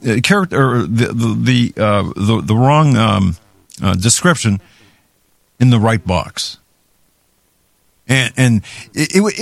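A man's voice: a little high, creaky, dry recording. A man hosting a talk show, giving heated political commentary with many restarts and stumbles. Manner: heated, ranting, with frequent restarts.

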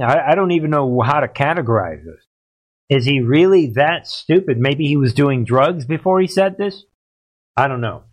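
A man hosts a political livestream in a loose, rambling way. He leans hard on his points and keeps breaking off to talk to his chat. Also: medium pitch. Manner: rambling, emphatic, talks to chat. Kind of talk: casual livestream commentary.

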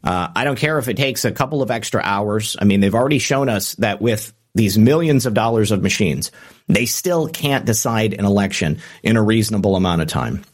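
A man's voice: fairly low pitch, animated, a little fast. A man hosting a political commentary show, reading out quotes and adding sarcastic remarks with frequent "uh" fillers. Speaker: political commentary podcast host.

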